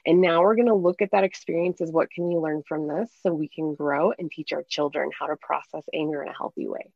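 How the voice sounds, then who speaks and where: A woman with a lowish voice explains parenting as a coach in an earnest, conversational way, now and then acting out quoted lines. The recording is dry and somewhat dull, with muffled highs. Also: steady tone, a little fast, gravelly, no echo. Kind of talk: conversational podcast interview.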